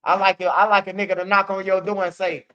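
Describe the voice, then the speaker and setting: A man with a high voice hosts a street news channel. He talks in blunt, profane street storytelling. The recording sounds dull and lo-fi. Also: flat delivery, fast, bright, forceful tone. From Chicago. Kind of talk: casual commentary.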